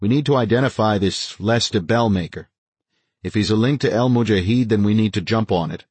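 Man doing a calm commander, soft-spoken, measured, deep, husky. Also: no echo. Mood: firm. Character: calm, quietly menacing male commander.

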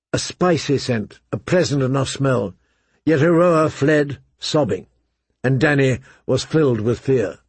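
A man narrates an audiobook in a measured, unhurried way. His voice is gravelly and husky. The recording is close and dry. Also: mid-range voice, no room sound. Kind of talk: audiobook reading.

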